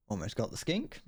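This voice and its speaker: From a room in his home, a twenty-something British man streams a game live, bantering and joking in loose, rambling, playful commentary.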